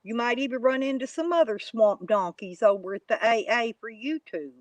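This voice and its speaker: A woman's voice: fairly high pitch, normal speed, no room sound. A woman, chatting casually to live viewers in a rambling, folksy, mocking way. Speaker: YouTube live streamer.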